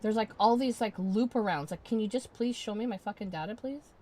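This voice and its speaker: A woman's voice: mid-range voice, brisk, mellow, slight background noise. A woman game streamer in casual live-stream chat, ranting in exasperation, swearing and repeating herself.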